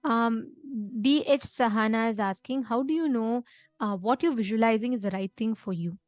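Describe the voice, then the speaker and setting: A woman's voice: fairly high pitch, moderate pace, darkish tone, no echo. Earnest woman teaching a live session. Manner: earnest, explanatory, checks in with listeners often. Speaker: spiritual session instructor.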